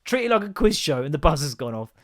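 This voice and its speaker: Podcast guy ranting, swears a lot, quick talker. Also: on the high side, sing-song. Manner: sweary, exasperated storytelling. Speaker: podcast host. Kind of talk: casual solo podcast rant.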